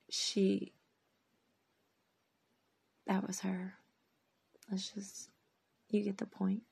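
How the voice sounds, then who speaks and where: Thirties woman with a deep-fried, raspy voice; weary, emotional, wandering personal talk. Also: darkish tone. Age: 30s. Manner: rambling, heartfelt, trails off and restarts; emotional, near tears at times. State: drained and tired.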